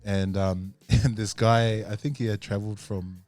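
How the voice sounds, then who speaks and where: A man's voice: fairly low pitch, level tone, normal speed, a little mellow. A man hosting a podcast, chatting casually with many fillers and laughs as he tells a story. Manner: rambling, laughing, full of fillers. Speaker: podcast host. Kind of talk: casual chat. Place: podcast studio.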